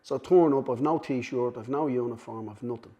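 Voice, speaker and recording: A middle-aged man tells a rambling anecdote as a podcast guest. He swears casually and mocks himself. His voice sits at an ordinary middle pitch, and he slips into other people's lines as he goes. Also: fairly quick, warm tone. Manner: swears freely, self-deprecating, acts out quoted voices. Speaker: guest, cutman.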